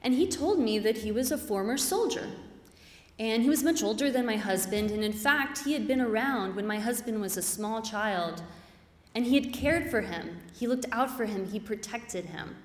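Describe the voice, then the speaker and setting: A woman's voice: fairly high pitch, expressive, moderate pace. Earnest woman telling a story in a hall. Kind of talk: live personal storytelling on stage. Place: stage in a hall. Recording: reverberant hall.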